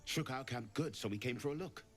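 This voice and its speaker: Terse male game companion, husky, mid-pitched, practical. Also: a little fast, soft background music. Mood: urgent. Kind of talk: video game voice acting.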